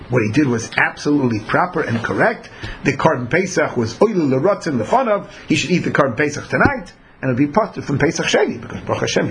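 Animated male Talmud teacher. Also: mid-range voice, slight background noise. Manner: animated, acts out the people in his examples. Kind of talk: Talmud lecture.

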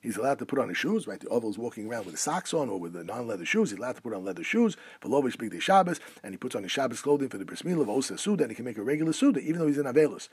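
A man's voice: medium pitch, big pitch swings, rapid-fire, few pauses, a little mellow, husky, dry recording. A man teaching a class on Jewish law, reading rabbinic phrases aloud and then translating them. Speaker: Torah teacher.

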